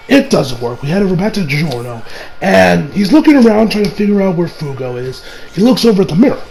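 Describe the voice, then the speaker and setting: A man with a hoarse, strained voice talks through an anime review in a loose, rambling way, swearing casually and restarting his sentences. His pitch sits a little high and moves a lot. A crowd murmurs behind him. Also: low-quality recording. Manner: rambling, profane, many restarts.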